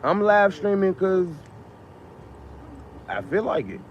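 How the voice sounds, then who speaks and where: Man, live-stream rant, rhetorical questions, fairly high voice, muffled lo-fi sound. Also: big pitch swings, takes it slowly. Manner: emphatic, repetitive, rhetorical questions, profane. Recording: muffled lo-fi sound with faint noise.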